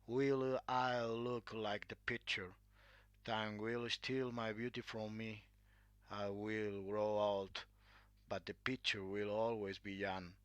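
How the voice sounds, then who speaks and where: A man's voice: lowish voice, little pitch movement, slow, smooth, no echo. A man voicing a vain, anguished young man who pleads anxiously in a read-aloud story.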